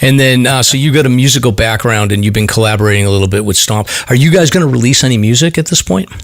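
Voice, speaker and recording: A man hosting a podcast, asking questions in a friendly, halting way with New speech. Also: medium pitch, no echo, studio quality. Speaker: podcast host. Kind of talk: casual chat.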